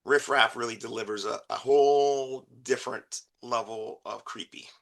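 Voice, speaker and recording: A man's voice: mid-range voice, fairly even intonation, moderate pace, a bit bright. A man co-hosting a podcast in casual chat, hesitant and repeating words, laughing often. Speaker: podcast co-host.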